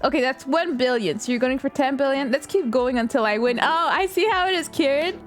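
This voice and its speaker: High pitched girl streamer chatting w chat, laughs a ton, faint music behind. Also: brisk. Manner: excitable, laughs often, shrieks at game moments. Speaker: live streamer. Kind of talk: casual chat while playing a game with viewers.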